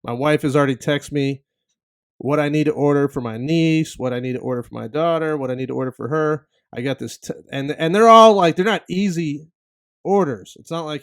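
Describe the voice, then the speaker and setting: A man's voice: on the high side, fairly quick, clear, resonant tone. Exasperated man telling a funny story. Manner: animated, exasperated, acts out other people's lines. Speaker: podcast host. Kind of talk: comedic storytelling monologue.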